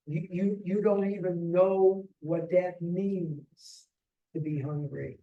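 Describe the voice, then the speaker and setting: A man's voice: high-pitched, mellow. A man of about seventy from the Chicago area, sharing his story at a recovery retreat with heartfelt emphasis and frequent restarts. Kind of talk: personal testimony talk. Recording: roomy hall, mic far off.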